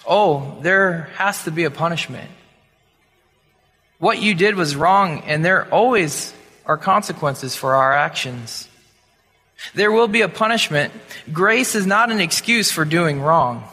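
A calm, firm school principal who speaks quietly and in measured words, with a bright tone, as a preaching man puts him on. The voice rings through a hall with long reverb. Heard in a spoken sermon story. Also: a little high, slightly rough, full character voice. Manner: quiet and measured, at times whispered.

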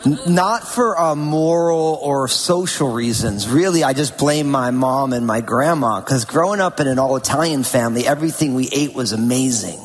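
A man's voice: mid-range voice, moderate pace, few pauses. A middle-aged man from New Jersey, a pastor preaching casually and telling a personal story. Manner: casual, conversational, with self-deprecating asides. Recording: long reverb with faint music behind.

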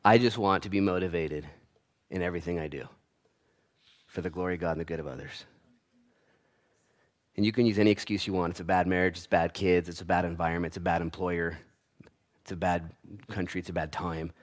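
A man preaching a sermon to a church congregation, swinging from loud, rising calls to hushed asides, with playful humor. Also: low voice, fairly even intonation, brisk, long pauses. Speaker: pastor.

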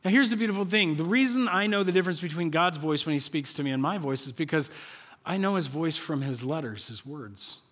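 A male pastor giving a conversational sermon in a church, animated and full of rhetorical questions and repeated phrases. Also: fairly high pitch, a little fast.

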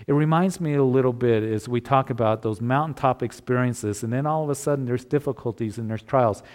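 A man's voice: mid-range voice, a little fast, darkish tone. A man preaching a sermon as pastor, earnest and conversational, with occasional restarts.

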